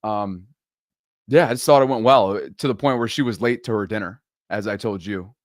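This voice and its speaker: A man's voice: on the low side, a little fast, dry recording, clean studio sound. A young man co-hosting a podcast, telling a dating story in casual chat with frequent laughs and self-deprecating humor. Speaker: podcast co-host.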